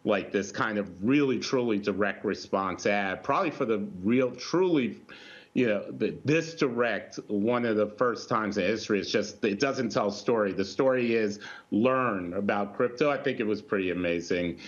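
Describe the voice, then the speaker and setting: A man's voice: fairly low pitch, normal speed, lo-fi sound. A man, a company chief, answering interview questions in a rambling way with many restarts. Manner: rambling, full of restarts and fillers. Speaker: company CEO guest.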